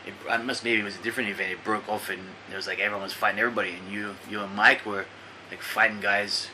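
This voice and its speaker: A man's voice: fairly low pitch, flat delivery, fast talker, bright, forceful tone, a little hiss or hum, rough recording. A man hosting a casual podcast, telling stories in a laid-back way and swearing freely. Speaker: podcast host.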